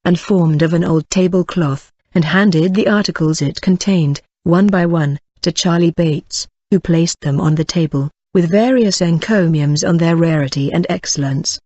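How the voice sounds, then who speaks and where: A narrator reads a classic novel in a steady, even way and now and then slips on a word. The recording is dull and lo-fi, and it is dry with almost no room sound. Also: medium pitch, normal speed, few pauses, dry recording. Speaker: audiobook narrator.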